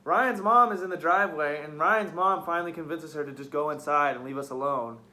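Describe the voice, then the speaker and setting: A man's voice: fairly high pitch, fairly quick, pushed and bright. A young man hosting a podcast, telling a story in casual, profane, heated chat. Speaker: podcast host.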